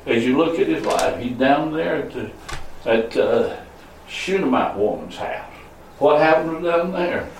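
A male pastor preaching a sermon, swinging between loud high calls and low murmurs. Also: expressive, measured pace, creaky, slight background noise. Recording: echoey room, voice from a distance.

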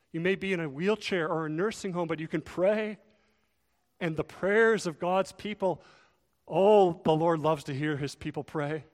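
A man preaching a sermon, earnest, swelling louder and dropping soft to stress his points. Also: fairly high pitch. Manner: earnest, rises and falls in volume for emphasis. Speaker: pastor. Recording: long reverb of a large hall.

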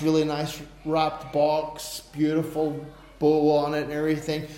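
A middle-aged man preaching a sermon, telling personal stories in an animated way, breaking into bursts of laughter. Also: on the high side. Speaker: pastor. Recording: roomy echo.

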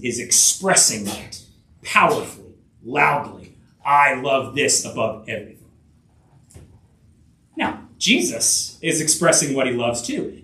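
Man, pastor preaching a sermon, earnest, filler-heavy with restarts, high lively voice, distant mic. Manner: earnest, many fillers and restarts, rhetorical asides, builds to emphatic peaks. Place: church sanctuary. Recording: echoey room, voice picked up from a distance.

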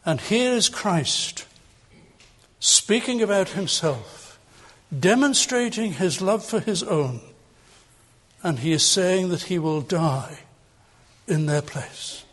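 A man's voice: sits high, animated, slow pace, long pauses. An older man preaching a sermon as pastor, earnest and emphatic, building on repeated phrases.

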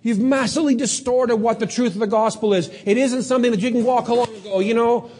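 A man preaching a sermon, asking rhetorical questions and slowing down to stress key words. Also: extremely high pitch, a little mellow, breathy edge. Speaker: pastor.

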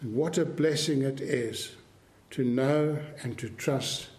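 A man preaching a sermon to his congregation with a measured, emphatic delivery. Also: medium pitch, a little mellow, roomy sound. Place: church.

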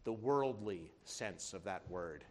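A man's voice: low voice, animated, takes it slowly. A man preaching a sermon as pastor, emphatic, building his points through rhetorical questions.

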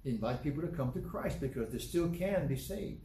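A man's voice: on the high side, lively intonation, moderate pace, warm tone, a little hiss or hum. A man preaching a sermon, emphatic and repetitive, asking rhetorical questions. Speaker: pastor. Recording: echoey room with faint ambience.

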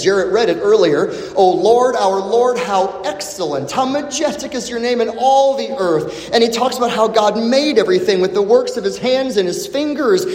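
A man preaching a sermon, expressive and dramatic, repeating questions for emphasis with long pauses. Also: high voice. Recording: echoey hall with long reverb.

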